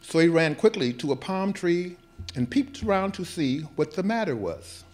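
A man's voice: high-pitched, lively intonation, moderate pace, darkish tone. Man reading a storybook with wry asides. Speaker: performing artist. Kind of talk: reading a children's story aloud with comic asides. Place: live performance event at an art gallery.

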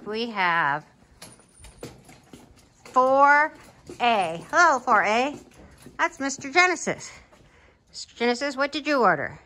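A woman's voice: high-pitched, sing-song, slow, long pauses, bright, forceful tone, slight background noise. A woman who works as a flight attendant, playfully running a mock in-flight meal service outdoors while feeding horses, with cheery, teasing cabin-crew patter.

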